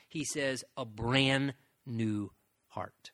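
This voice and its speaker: A man preaching with a bright, forceful voice that sits a little high for a man. He speaks earnestly, repeats phrases for emphasis and slows down on the key lines. The sound is dry and close, with no room echo. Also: animated. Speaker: pastor. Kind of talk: sermon.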